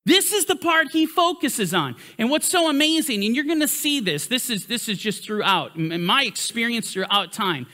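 Male Bible teacher, sermon-style teaching, very high pitch, bright edge. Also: animated, moderate pace, few pauses. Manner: emphatic, pitch swinging with emphasis.

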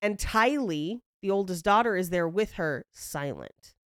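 Woman, podcast host, casual storytelling, animated, clear smooth voice, dry close sound. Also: lowish voice, unhurried, no echo. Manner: animated, acts out quotes, laughs often.

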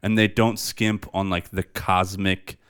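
This podcast co-host speaks a little slowly in a low-pitched, level voice that is fairly bright, clear and resonant. He's chatting casually and with enthusiasm about movies, loose and profane, using many fillers.

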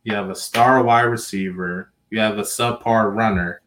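A man co-hosting a casual sports podcast, talking in halting bursts with restarts and slightly slurred words. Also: lowish voice, fairly even intonation, a bit bright, a little hiss or hum. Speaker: podcast co-host.

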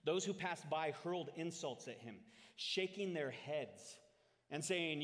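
A man preaching a sermon to a congregation, swinging from loud, dramatic scripture readings to quiet, reflective asides. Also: a little high, animated, normal speed. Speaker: pastor. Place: church hall. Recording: long hall reverb. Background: congregation in the room.

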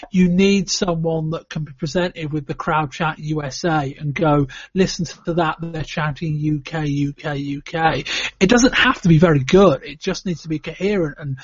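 A British man hosts a podcast and walks through a wrestling match move by move. His voice sits a little high, and his delivery is wry and matter-of-fact. The sound is dry and a bit dull. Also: no echo. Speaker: podcast host.

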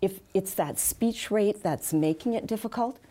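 A woman who works as a speech and accent specialist, answering interview questions in a measured, practical way with frequent fillers. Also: medium pitch, mellow.

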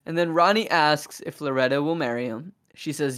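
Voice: medium pitch, moderate pace, a bit bright, clean tone. A podcast host in casual chat, animatedly retelling a film's plot and briefly voicing the characters' lines. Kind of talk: casual chat recapping a film.

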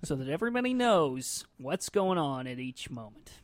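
A man's voice: fairly high pitch, sing-song, normal speed, no echo. A man hosting a loose comedy podcast, his voice rising and falling a lot as he rambles and laughs. He narrates his own moves and drifts on and off the mic. The sound is dry and close. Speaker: podcast host. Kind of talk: casual comedy chat.

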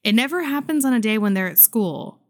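Animated woman telling a story, dry sound. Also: a little fast, no echo. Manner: animated storyteller, jumps pitch for quoted voices, laughs often. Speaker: podcast co-host. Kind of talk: casual chat, storytelling.

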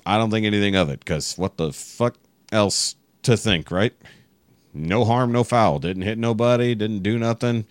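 A man's voice: lowish voice, moderate pace, no room sound. A man from Texas telling a long exasperated story in casual podcast chat, swearing freely. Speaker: podcast guest.

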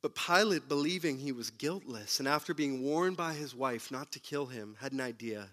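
A man preaching a sermon who retells the story dramatically, moving between loud bursts and hushed, low passages. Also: moderate pace. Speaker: pastor.

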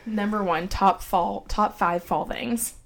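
A woman's voice: medium pitch, slow pace. A young woman co-hosts a casual podcast, her voice a bit congested from a cold. She rambles through her stories with lots of giggles and easy fillers, talking like she's among friends. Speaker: podcast co-host. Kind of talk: casual chat.

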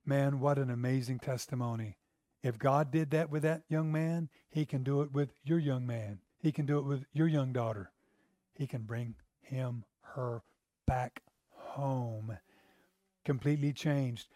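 A man's voice: mid-range voice, steady tone, a little slow, dark tone, dry recording, clean studio sound. A man preaching a sermon as pastor, in an emphatic, exclamatory, conversational way.

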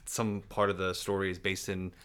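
Man with a low, bright, hesitant voice. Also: little pitch movement, normal speed, clear, resonant tone. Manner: hesitant, many fillers and restarts. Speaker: podcast co-host. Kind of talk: casual chat.

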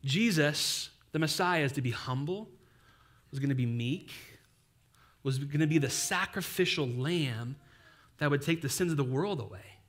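Casual, lively young male pastor. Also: fairly high pitch, moderate pace. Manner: casual, animated preaching with playful asides. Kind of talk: sermon.

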